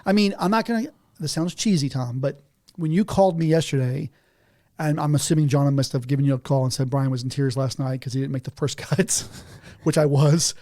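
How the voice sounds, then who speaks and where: Man, fairly high voice, animated storyteller, laughs as he talks, casual podcast guest. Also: a little fast. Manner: animated storytelling, often laughing mid-sentence. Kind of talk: casual conversation. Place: a house.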